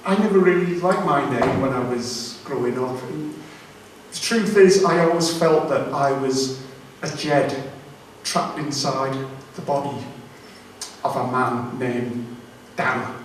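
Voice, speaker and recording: A man's voice: medium pitch, slow pace, a little hiss or hum. A man doing a rambling, self-deprecating stand-up routine on a comedy club stage. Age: 40s. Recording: very echoey room, from far off.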